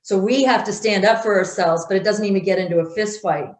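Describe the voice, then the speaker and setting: A woman's voice: mid-range voice, fairly quick, a little mellow, roomy sound. A woman speaking in an interview, blunt and emphatic, acting out quotes as she tells stories. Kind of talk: conversational interview.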